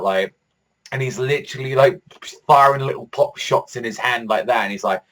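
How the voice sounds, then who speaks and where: A man's voice: fairly low pitch, quick pace. A man giving a casual, rambling review of a manga chapter, swearing often and filling his talk with "like". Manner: rambling, profane, heavy use of "like"; excitable fan enthusiasm.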